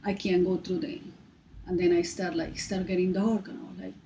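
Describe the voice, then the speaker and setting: A woman with a Colombian Spanish accent tells a personal story in broken English, stopping and restarting often. Her tone is mellow and soft. She talks casually as a podcast guest. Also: on the low side, dull audio, a little hiss or hum. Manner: animated retelling, halting broken English with many restarts.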